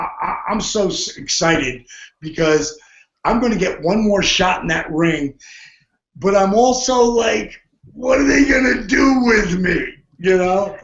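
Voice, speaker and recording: High-voiced man telling a story with gusto. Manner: energetic, laughs often, acts out quotes. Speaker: podcast guest. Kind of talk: animated storytelling. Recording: muffled, roomy audio.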